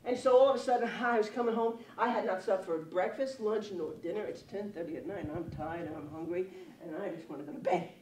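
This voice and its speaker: A woman who speaks on stress and humor gives a playful, funny lecture in a large hall, telling stories and laughing often. Her mid-range, darkish voice runs fast with few pauses, captured by a distant mic with echo and audience noise.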